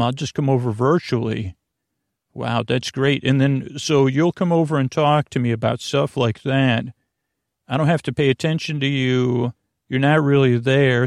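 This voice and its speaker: A man hosting a sleep podcast, talking in a slow, meandering bedtime monologue that keeps drifting off topic and interrupting itself. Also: medium pitch, vocal fry, no echo, studio quality. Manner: meandering, self-interrupting, soft-spoken.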